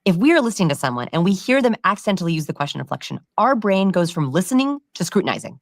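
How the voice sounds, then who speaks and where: Fast-talking, low-voiced woman expert. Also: very animated, no room sound, clean studio sound. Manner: confident, brisk, teaching with examples. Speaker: podcast guest, body language expert. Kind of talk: explanatory podcast talk.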